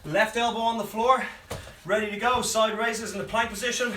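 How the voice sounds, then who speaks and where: During a live home workout, this coach pants through countdowns of reps and encouraging prompts. He speaks at normal speed with a steady tone in a high, pushed, bright voice; the distant mic sounds roomy, with faint music and slight hiss or hum.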